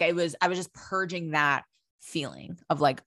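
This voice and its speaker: A woman's voice: low-pitched, normal speed, bright, forceful tone, no room sound, clean studio sound. A young woman talking candidly and with animation, swearing casually as she tells a personal story and acts out her own thoughts.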